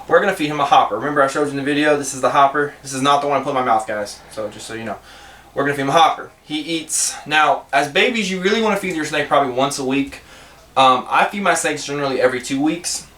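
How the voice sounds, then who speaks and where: A man's voice: medium pitch, fairly bright tone, recorded from a distance. A man chatting casually through a snake-feeding vlog, rambling with jokey asides. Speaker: pet snake vlogger.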